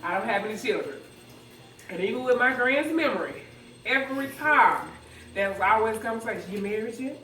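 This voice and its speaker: A woman's voice: on the high side, expressive, brisk, bright, forceful tone, slight background noise. Woman eulogizing. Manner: conversational, laughing through grief. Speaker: granddaughter giving a eulogy. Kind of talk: emotional memorial speech. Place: church funeral service. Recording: echoey hall, distant mic, crowd.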